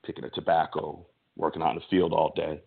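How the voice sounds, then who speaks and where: A man co-hosting a sports podcast, delivering a heated, emphatic opinion rant with a husky voice and stammering restarts. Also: very deep voice, level tone, fast talker. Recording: tinny phone-like audio.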